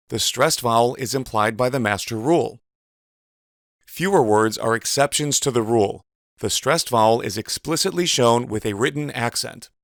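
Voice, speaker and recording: A man giving a measured, precise instructional voice-over as a teacher. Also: medium pitch, no room sound, clean studio sound. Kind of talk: scripted instructional narration.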